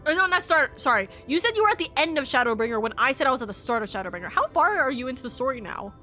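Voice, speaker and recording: A woman's voice: sits high, big pitch swings, very fast, sharp tone, soft background music. A young woman streaming a story game, gushing and emotional as she talks, rambling through restarts. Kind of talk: casual live-stream commentary.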